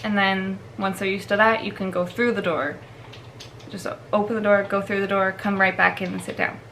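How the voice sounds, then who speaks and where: A woman's voice: mid-range voice, flat delivery, moderate pace, fairly bright tone, a little hiss or hum, poor audio. A woman who trains dogs explains the steps in a casual vlog, chatty and full of fillers. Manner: chatty, laughs often, filler-heavy. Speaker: dog trainer.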